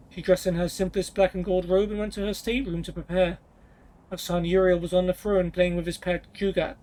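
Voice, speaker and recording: High-voiced man reading a story aloud. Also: poor audio. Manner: steady storytelling read with small stumbles. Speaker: game streamer reading an in-game book aloud.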